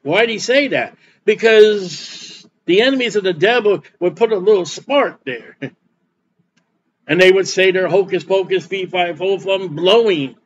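A man's voice: sits high, measured pace, a little hiss or hum. Folksy preaching man, slightly muffled. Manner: folksy preaching with repeated words and Bible reading. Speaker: pastor. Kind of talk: sermon.

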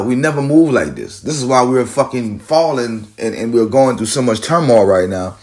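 A man's voice: medium pitch, animated, normal speed, a little mellow. A man vlogging while walking down a street, giving a blunt, profane, rambling monologue.

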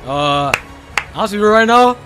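A man's voice: high voice, lively intonation, a little slow. British guy streaming, bouncy up-and-down voice, teasing his mate, music behind. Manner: teasing, laughing. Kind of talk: casual stream banter. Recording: stream audio with music underneath. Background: background music.

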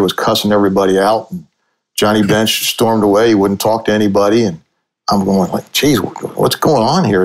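A man in his sixties from Cincinnati, a sportswriter guest telling stories in a casual, chuckling way. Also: fairly low pitch. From Cincinnati, USA. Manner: chuckling, animated storyteller. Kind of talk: casual anecdotal storytelling.

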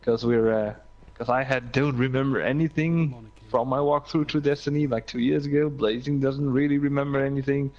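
A man with a Dutch accent, chatting casually while streaming a game, excitable and prone to stammered restarts. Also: medium pitch, normal speed. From Netherlands. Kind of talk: casual gaming chat. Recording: dull lo-fi mic, faint noise.

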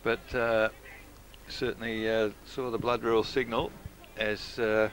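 An older Australian man giving local radio football commentary, hesitant with frequent fillers and quiet asides. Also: fairly low pitch, level tone, measured pace, rough recording.

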